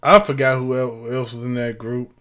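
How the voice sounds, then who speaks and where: A man's voice: medium pitch, level tone, normal speed, fairly bright tone, no room sound. A man hosting a reaction video, exclaiming and laughing as he chats straight to his viewers. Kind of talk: casual reaction chat.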